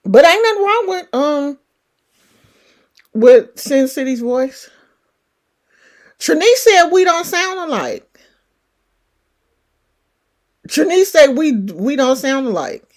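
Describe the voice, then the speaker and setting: A woman's voice: sits high, big pitch swings, slow, long pauses. A middle-aged woman with a California country twang, chatting casually and rambling as a livestream host. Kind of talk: casual chat.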